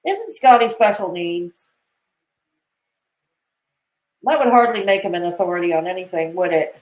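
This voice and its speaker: A woman's voice: on the low side, lively intonation, fairly quick, echoey room, low-quality recording. A woman commentating on a live stream, with sarcastic, mocking and cutting remarks.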